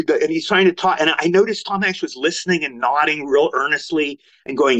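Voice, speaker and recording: A man's voice: fairly high pitch, fairly quick, hardly any pauses. An older man, a guest actor, telling stories in casual talk and acting out what others said in a raised voice. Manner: animated, quotes others in raised voice. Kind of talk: casual storytelling. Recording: lo-fi remote audio.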